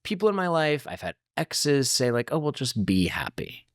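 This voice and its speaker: A man's voice: mid-range voice, big pitch swings, normal speed, dry recording, studio quality. A man hosting a podcast, asking reflective questions in a casual, chatty way. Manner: warm, reflective questioning with filler "like". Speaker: podcast host.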